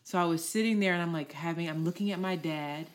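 A young adult woman co-hosting a podcast, telling a personal story in casual chat, candid and quick to swear as she acts out what people said. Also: lowish voice. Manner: candid, swears freely, acts out quoted voices. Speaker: podcast co-host.

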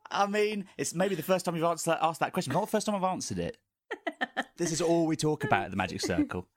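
A man's voice: fairly high pitch, animated, quick pace, no echo, studio quality. A man, a guest on a podcast, chatting casually in a jokey, self-deprecating way and laughing often. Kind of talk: casual chat.

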